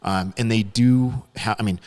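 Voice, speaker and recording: Low-voiced guy on a podcast, firm about his opinions, keeps pushing his point. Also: steady tone, normal speed, a little mellow. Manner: emphatic, opinionated. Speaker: podcast guest. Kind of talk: casual chat.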